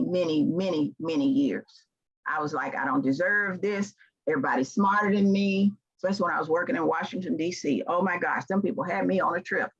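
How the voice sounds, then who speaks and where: With a Southern American accent, a keynote speaker in her sixties offers an earnest, emphatic motivational talk that builds into animated passages. Her voice is husky and on the low side, and the recording cuts off the highs.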